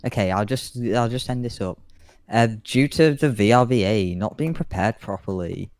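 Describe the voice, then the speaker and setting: A man's voice: lowish voice, moderate pace, darkish tone. British man doing joking airshow commentary. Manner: playful, jokey announcer voice.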